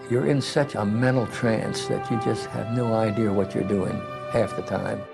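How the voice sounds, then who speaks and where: A man's voice: lowish voice, fairly even intonation, normal speed, gravelly, music in the background. An older man, a former medic, reflecting as an interviewee.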